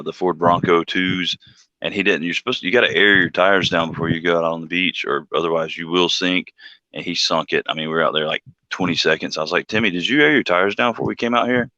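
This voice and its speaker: A laid-back man with a very deep but bright, forceful voice hosts a casual live stream and laughs easily. His voice comes through dry and a little dull. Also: fairly even intonation, brisk, no room sound.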